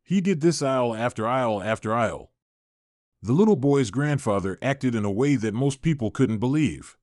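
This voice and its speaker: A man's voice: mid-range voice, animated, moderate pace, darkish tone, no room sound. Male narrator, dry close sound. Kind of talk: scripted storytelling narration.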